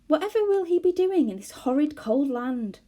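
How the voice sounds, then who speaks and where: A woman's voice: high voice, sing-song, moderate pace, dark tone, voice pushed up. A woman reading a storybook aloud and voicing Beth, an anxious young girl. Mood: worried. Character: worried young girl, a sister.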